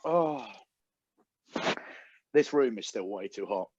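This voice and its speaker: A man's voice: medium pitch, animated, slow pace, muffled recording, background noise. A British man co-hosting a comedy podcast over a video call, telling stories animatedly and mimicking the people he quotes. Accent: British English. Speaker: podcast co-host. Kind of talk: casual comedy banter.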